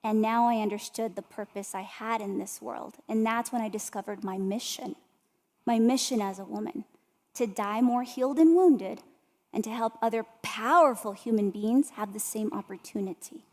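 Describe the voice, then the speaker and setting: A woman's voice: on the high side, normal speed, a little mellow. Woman speaking in a reverberant hall. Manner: storytelling, addresses the audience directly. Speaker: motivational speaker. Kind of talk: inspirational talk to an audience.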